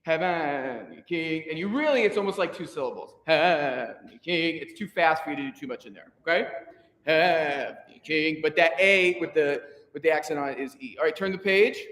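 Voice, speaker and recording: A man leading a choir rehearsal as conductor, energetic and encouraging, counting the singers in. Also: on the high side, fast talker, few pauses. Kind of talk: rehearsal instruction. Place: rehearsal room with a piano. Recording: echoey hall with piano.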